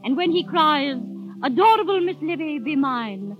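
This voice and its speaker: A flighty, theatrical schoolmistress. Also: female voice, sits high, big pitch swings, normal speed. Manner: theatrical, flighty, given to sighs and exclamations. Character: schoolmistress posing as a coquettish young niece. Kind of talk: 1930s radio drama acting. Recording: tinny lo-fi old radio broadcast with faint music.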